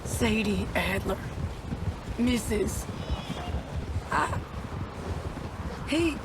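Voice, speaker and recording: An actress playing a shaken young widow who speaks in halting, broken phrases. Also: female voice, mid-range voice, lively intonation, heavy background noise.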